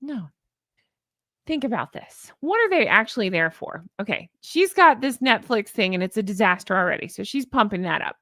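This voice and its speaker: A woman's voice: medium pitch, big pitch swings, normal speed, a bit bright, no echo, clean studio sound. A woman hosting a casual commentary vlog, sarcastic and exasperated as she rants. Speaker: YouTube commentary host.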